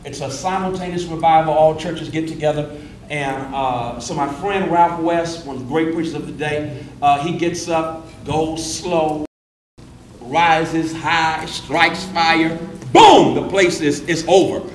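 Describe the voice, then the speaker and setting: A middle-aged preacher teaches a workshop in a rapid, animated way, stumbling over repeated words before a thought takes off. His voice sits fairly high for a man. He is picked up from some distance in a reverberant room with faint noise. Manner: fast-talking, animated, repeats words when starting a thought. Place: indoor room with an audience.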